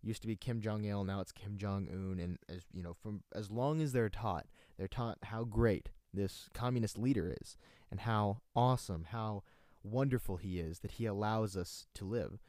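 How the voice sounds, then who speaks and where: A man's voice: fairly low pitch, normal speed, few pauses, darkish tone, no room sound, studio quality. A young man hosting his own livestream, chatting casually, rambling and reading out chat comments with self-deprecating asides. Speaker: livestream host.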